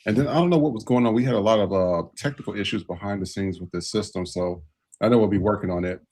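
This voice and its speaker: A man's voice: fairly low pitch, fast, a little mellow, slightly rough. A man hosting a podcast in casual, loose conversation, talking over a video call setup. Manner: loose and conversational, with fillers and restarts. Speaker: podcast host.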